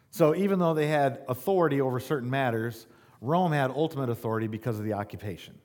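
Guy preaching, reads scripture then drops in chatty asides, lots of "right?", mid pitch. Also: a little mellow. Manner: conversational asides with rhetorical "right?". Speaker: pastor. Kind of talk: sermon reading scripture with commentary.

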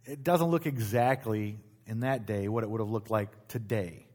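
A middle-aged male pastor preaching in a church, reading scripture aloud and explaining it in a relaxed, conversational way, with asides to the congregation. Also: lowish voice, moderate pace. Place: church sanctuary.

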